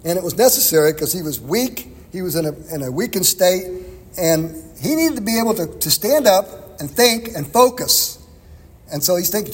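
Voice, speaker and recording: A man's voice: high voice, very animated, moderate pace, slightly rough, long reverb tail. A man preaching an expository sermon in a conversational way, chuckling now and then. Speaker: pastor.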